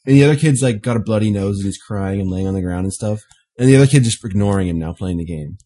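A man's voice: on the low side, quick pace, mellow. A man co-hosting a casual podcast chat, laying out long what-if scenarios and laughing often. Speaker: podcast co-host.

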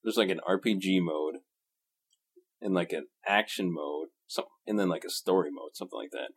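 Very deep-voiced laid-back man. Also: normal speed, husky. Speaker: podcast co-host. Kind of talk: casual chat.

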